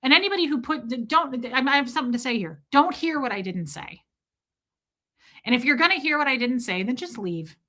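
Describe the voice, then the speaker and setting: A woman's voice: sits high, animated, brisk, bright, forceful tone. A woman hosting a casual livestream, telling a story emphatically and acting out the voices of people in it. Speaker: livestream host.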